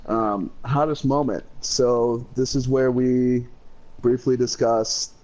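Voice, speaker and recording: A man's voice: mid-range voice, fairly even intonation, slow pace, darkish tone. A man co-hosting a podcast, talking in a laid-back, rambling way with lots of fillers. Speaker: podcast co-host. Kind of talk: casual banter podcast. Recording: dull lo-fi sound.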